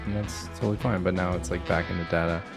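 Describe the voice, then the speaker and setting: Gravelly low-voiced man hosting a podcast. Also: steady tone, fast, music in the background. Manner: laid-back, rambling with many fillers. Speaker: podcast co-host. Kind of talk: casual podcast chat.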